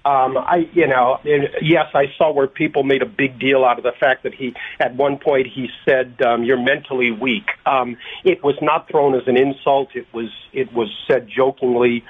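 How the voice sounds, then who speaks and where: A man's voice: medium pitch, steady tone, husky. Man on a tinny phone line. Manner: halting, many ums and restarted phrases. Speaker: guest interviewed by phone. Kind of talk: radio interview answers.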